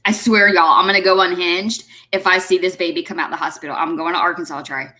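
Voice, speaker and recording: A woman's voice: lowish voice, steady tone, quick pace, bright, forceful tone. Indignant woman host. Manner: indignant, emphatic. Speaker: reaction video host. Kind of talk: commenting on a played clip.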